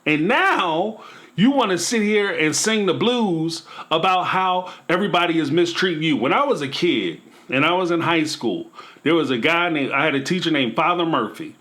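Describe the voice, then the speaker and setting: A man's voice: fairly high pitch, animated, moderate pace, a bit bright. A man hosting a commentary channel, talking emphatically and preachily in a casual vlog style, with playful asides.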